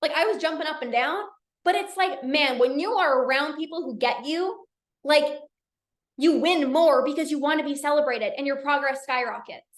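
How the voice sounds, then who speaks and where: A woman coach talking casually in a live session, energetic and chatty with many restarts. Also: high voice, normal speed, roomy sound. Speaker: binge eating coach hosting a live session. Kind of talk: casual live-stream talk.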